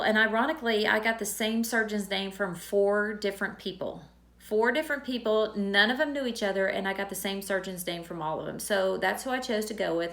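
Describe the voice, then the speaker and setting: A woman's voice: mid-range voice, gravelly, a bit bright. A middle-aged woman candidly telling a personal story in a vlog, retelling conversations as she goes. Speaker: teacher.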